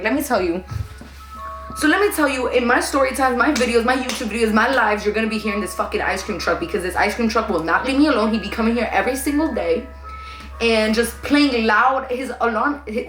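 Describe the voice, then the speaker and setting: A young woman tells her storytime vlog in a loose, animated way, full of slang and swearing. She is recorded in her room, and the room makes her voice echo. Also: fairly high pitch. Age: young adult. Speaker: vlogger. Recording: echoey room.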